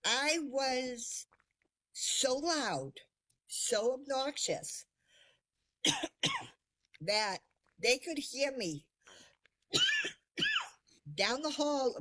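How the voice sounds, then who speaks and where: A woman who is a podcast guest, telling her story in a casual, lively way, laughing often and poking fun at herself. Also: high-pitched, very slow, long pauses.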